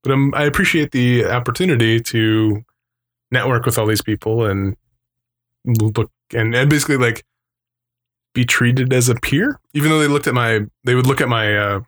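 A man in casual podcast chat, talking at an ordinary middle pitch. He rambles along, laughs often, and slips into the voices of the people he quotes. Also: normal speed, fairly bright tone. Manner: rambling storyteller who acts out quoted voices; laughs often between remarks. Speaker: podcast co-host.

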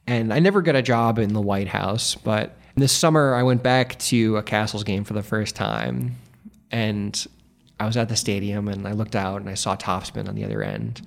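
Guy in his 20s telling a story, wry and rambly, kinda gravelly voice. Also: lowish voice. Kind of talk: live storytelling.

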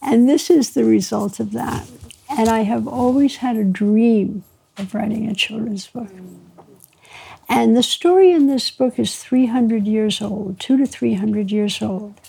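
A woman author, interviewed, telling lively anecdotes and acting out bits of dialogue with frequent laughs. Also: fairly high pitch, measured pace, creaky, husky. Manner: lively raconteur, mimics dialogue, laughs often. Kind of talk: anecdotal storytelling.

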